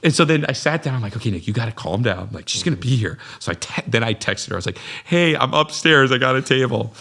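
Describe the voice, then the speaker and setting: A middle-aged man from Minnesota chatting as a podcast guest. His voice sits fairly low, and he tells his stories with animated energy, acting out his own past lines. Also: very fast, husky. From Minnesota, USA. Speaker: podcast guest, business owner. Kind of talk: casual storytelling chat.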